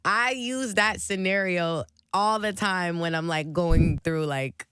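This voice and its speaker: Brief: woman in her 20s, laid-back interview chat, smooth voice, dry studio. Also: fairly low pitch, takes it slowly, no room sound. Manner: relaxed, chatty, lots of "like". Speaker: musician guest. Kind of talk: casual radio interview. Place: radio studio.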